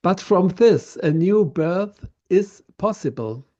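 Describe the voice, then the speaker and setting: A man of about sixty from southern Germany with a German accent, giving a prepared lecture in a slow, measured way. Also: sits high, expressive, warm tone, highs cut off.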